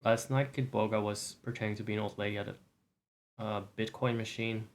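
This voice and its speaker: A male streamer in quiet, casual chat, rambling and softly mocking himself with light laughs. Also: lowish voice, level tone, fairly quick.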